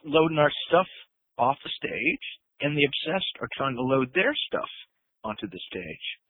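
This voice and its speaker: A man's voice: a little high, dry recording. Man on a tinny phone line. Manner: swearing, laughing, acts out quotes. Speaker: guest musician. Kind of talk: animated storytelling.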